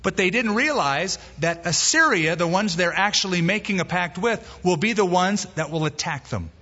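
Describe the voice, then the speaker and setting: A man preaching a sermon as pastor, emphatic and slowing down to stress key words. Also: high-pitched, lively intonation, sharp tone, slightly rough. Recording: muffled hall recording with long reverb.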